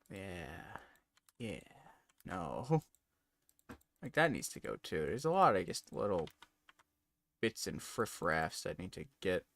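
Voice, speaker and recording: A man's voice: deep voice, fairly bright tone. A man chatting casually on a live stream while editing photos, giggly and self-mocking.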